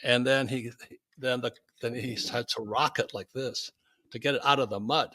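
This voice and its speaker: A man's voice: mid-range voice, moderate pace, dry recording, clean studio sound. An older man, a guest, telling a story with lots of animation and laughing at himself. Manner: lively anecdote teller, laughs at his own stories.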